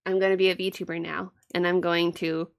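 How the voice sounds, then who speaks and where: A woman's voice: lowish voice, flat delivery, brisk, gravelly, clean tone. A woman streaming a game with casual chat, playful, giggly and self-mocking.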